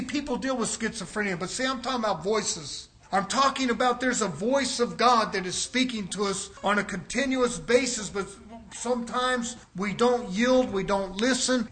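High, bright-voiced preacher building to shouts. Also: male voice. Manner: builds from quiet teaching to loud shouted preaching. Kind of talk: sermon.

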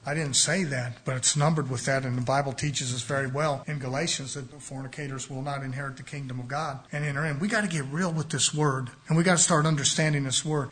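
A man's voice: on the high side, fairly quick, a bit bright. Fervent preacher man. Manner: impassioned, emphatic, addresses brothers and sisters. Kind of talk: sermon.

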